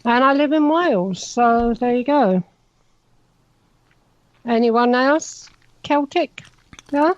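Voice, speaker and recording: A woman's voice: fairly high pitch, slow, pauses often, dry recording. A woman with a South London accent, chatting and teasing on a radio show and laughing often. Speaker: medium. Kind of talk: casual radio chat. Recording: dull lo-fi remote line.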